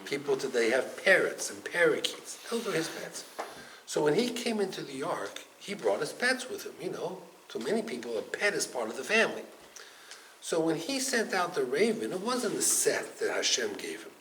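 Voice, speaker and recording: A man teaching a Torah class as a rabbi, animated and storytelling, acting out the figures in his stories. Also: on the high side, normal speed, a little hiss or hum, rough recording. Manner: animated, acts out the stories in quoted voices.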